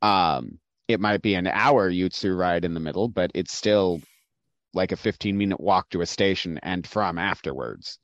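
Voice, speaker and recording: A man narrating as game master for a tabletop game, measured and descriptive with occasional fillers. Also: low voice, no echo. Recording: dull dry lo-fi sound.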